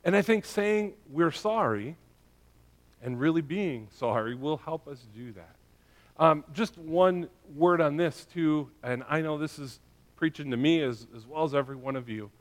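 Conversational preacher, fairly high male voice. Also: a little slow. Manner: conversational, checks in with "right?" and "okay?". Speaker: pastor. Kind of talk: sermon.

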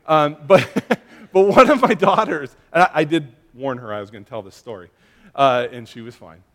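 A male pastor giving a sermon in a relaxed, chatty way, with fillers and light humor from family stories. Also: a little high, moderate pace. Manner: conversational, chatty with fillers and asides.

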